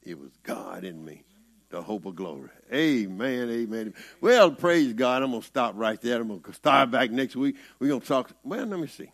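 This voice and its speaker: A man's voice: medium pitch, expressive, normal speed, fairly bright tone. A man with a Southern US accent, preaching a conversational sermon in a folksy, rising-and-falling way.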